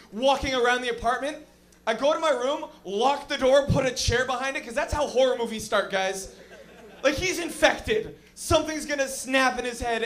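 A man's voice: extremely high pitch, fairly bright tone. A man doing a stand-up comedy set in a lounge, rambling and swearing with many fillers. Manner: rambling, profane, frequent fillers.

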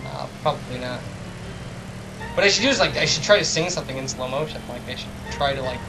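A man's voice: medium pitch, fast, low-quality recording. A man casually commentating a video game, rambling and joking at his own expense. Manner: rambling, self-deprecating, chatty asides. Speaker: let's play commentator. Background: game music.

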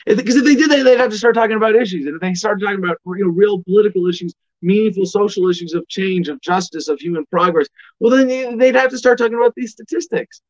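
A man's voice: sits high, fast, dull audio. A man giving an emphatic political commentary monologue, asking and answering his own questions.

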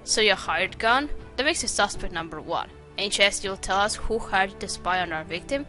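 A brisk male agent from a detective game questions a suspect with dry jokes. A woman reads him aloud in her own voice. Her tone is bright and forceful, with faint music behind. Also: mid-range voice, animated. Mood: stern. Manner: wry, joking.

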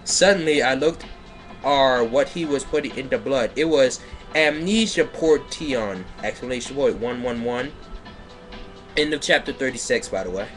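A man giving a comedic dramatic reading of bad fan fiction in a deadpan way, breaking character to mock the text. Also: medium pitch, moderate pace, faint music behind. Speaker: comedic reader. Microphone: home microphone on a livestream.

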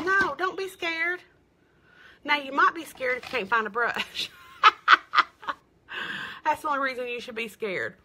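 Bright, gushing woman selling makeup. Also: a little high, a little hiss or hum. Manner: chatty and gushing, greets viewers by name. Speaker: makeup seller. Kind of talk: live makeup demo and sales stream.

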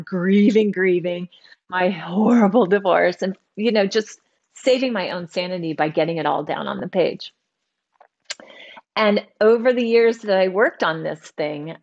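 A middle-aged woman tells a personal story as an interview guest. She is animated and switches into the voices of the people she quotes. Her pitch sits in an ordinary middle range. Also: lo-fi sound. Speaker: author and guest.

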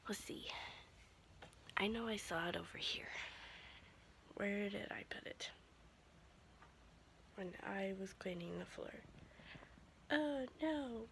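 Slow-talking woman whispering to her dog. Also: animated, gravelly, a little hiss or hum. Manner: often half-whispering to keep quiet; high sing-song voice when talking to the dog. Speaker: vlogger. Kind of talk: casual home vlog talking to her pets. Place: home indoors.

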